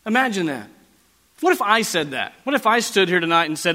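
A high-voiced man preaches to his congregation with a bright, forceful tone. He presses hard on key phrases, drawing them out slowly. His voice carries a long reverb from a large church hall. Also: very animated. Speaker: pastor. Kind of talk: sermon.

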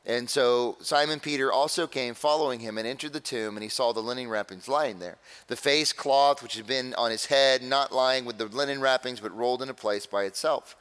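A man of middle pitch preaching a sermon as a pastor, talking casually and then slowing into dramatic pauses. His voice carries a long reverb, as if he stands in a large church sanctuary. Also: fairly bright tone, clear, resonant tone.

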